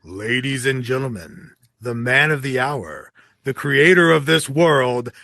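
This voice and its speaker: Emcee comic, man, slow drawl with a bright, lively voice. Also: mid-range voice, vocal fry, no room sound. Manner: self-mocking, slow joke delivery. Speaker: stand-up comedian, emcee. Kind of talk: stand-up comedy. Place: virtual reality comedy club.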